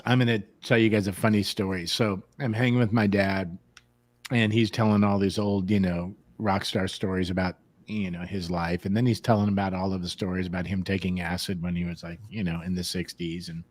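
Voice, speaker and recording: A man's voice: low-pitched, steady tone, brisk, no echo. A man from San Diego hosting a live show, telling stories in a rambling, teasing way. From San Diego, USA. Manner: rambling, teasing, laughs often. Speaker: show host. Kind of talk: casual live-stream chat.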